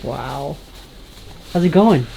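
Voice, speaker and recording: A man's voice: on the high side, animated, slow pace, vocal fry, mellow, a little hiss or hum, low-quality recording. A man filming a friend, reacting with short surprised questions.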